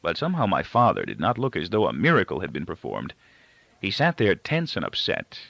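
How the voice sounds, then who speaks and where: A man reading a novel aloud in first-person narration, measured and expressive. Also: sits low, vocal fry, dry recording. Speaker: audiobook reader. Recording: dull, dry lo-fi recording.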